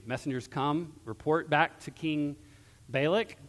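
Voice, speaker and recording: A male pastor preaching a sermon in a church, retelling a story in a conversational way with a quiet close. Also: on the high side, expressive, moderate pace. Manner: conversational storytelling, dropping softer at ends of phrases. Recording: long hall reverb.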